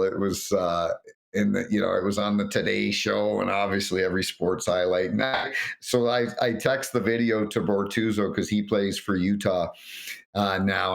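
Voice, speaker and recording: Low-voiced man telling stories animatedly. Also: creaky. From North America. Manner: animated anecdotes, acts out quotes. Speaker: guest, former referee. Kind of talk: storytelling interview.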